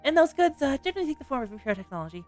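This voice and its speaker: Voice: high voice, very animated, very fast, faint music behind, voice pushed up. A streamer voicing a formal, gossipy clerk briefing an adventurer. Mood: informative.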